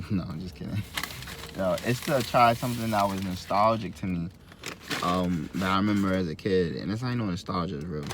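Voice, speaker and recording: Low-voiced young man telling a food story. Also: background noise. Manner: animated, joking, acts out both sides of an argument. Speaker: vlogger. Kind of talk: casual food vlog storytelling. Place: fast food restaurant.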